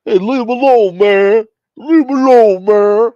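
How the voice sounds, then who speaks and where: A man voicing a rowdy male street heckler who jeers loudly and needles people. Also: on the high side, big pitch swings, moderate pace, voice pushed up. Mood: jeering. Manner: loud, jeering, needling. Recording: dull lo-fi stream audio.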